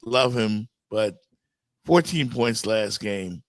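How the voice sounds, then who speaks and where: A man's voice: lowish voice, lively intonation, takes it slowly, dry recording. A man hosting a casual sports talk show, giving firm, emphatic opinions.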